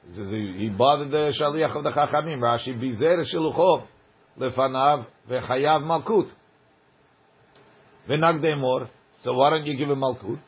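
Male Talmud teacher, husky voice, dull lo-fi recording, reads text then explains it casually. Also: medium pitch, normal speed. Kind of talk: Talmud study class.

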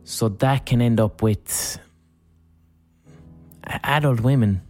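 A man's voice: medium pitch, slow pace, a little mellow, soft background music. A man hosting a podcast, talking frankly and casually with plenty of swearing. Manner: frank, profane, conversational. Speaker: podcast host. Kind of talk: reflective solo talk.

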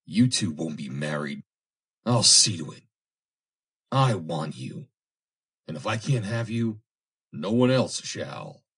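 A man's voice: on the low side, sing-song, measured pace, pauses often, darkish tone, breathy edge, voice pushed up, exaggerated voice. A man voicing a jealous, possessive suitor who pleads and turns bitter. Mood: bitter, snarling.

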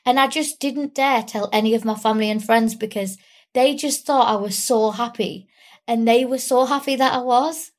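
A woman's voice: fairly high pitch, normal speed. A young woman talking candidly and tearfully in an interview, rambling and full of fillers. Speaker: guest. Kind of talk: emotional personal interview.

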